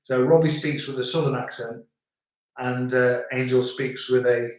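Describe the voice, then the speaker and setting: A middle-aged man with a Northern English accent chats at an easy, rambling pace, repeating words as he goes. His voice is mid-pitched. The sound bounces around a very echoey room. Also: steady tone, normal speed. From England. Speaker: host. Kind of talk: casual live-stream chat. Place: family home in rural France.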